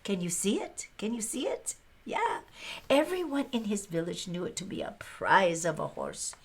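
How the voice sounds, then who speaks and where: A woman storyteller playing a plainspoken Chinese American pioneer woman with a Chinese accent, breathy and quick to laugh, chatting straight to her audience. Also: medium pitch, big pitch swings. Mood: gentle. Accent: Chinese-accented English. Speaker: storyteller in character. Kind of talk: first-person historical character monologue.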